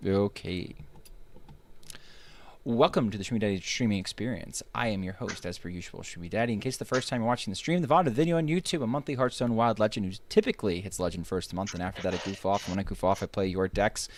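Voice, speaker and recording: A man's voice: on the low side, quick pace, a little hiss or hum. A male streamer hosting a game guide in casual banter, blunt and joking with a profane streak and frequent restarts. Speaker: streamer and host.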